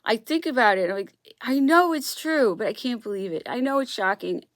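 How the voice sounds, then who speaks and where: A woman's voice: a little high, lively intonation, brisk, no room sound, studio quality. A woman vlogger talking alone in a casual monologue, rambling and emphatic, often restarting and repeating herself.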